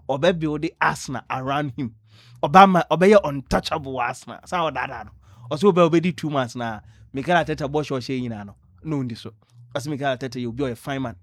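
A man's voice: mid-range voice, no room sound. Ghanaian man telling sports news. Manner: lively storytelling, mixing in English phrases. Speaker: sports radio presenter. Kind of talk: sports news radio talk.

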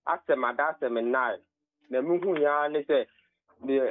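A man's voice: medium pitch, measured pace, a little hiss or hum. A man with a Ghanaian accent calling into a radio show and telling a personal story earnestly, stumbling and restarting. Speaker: caller. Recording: tinny phone line.

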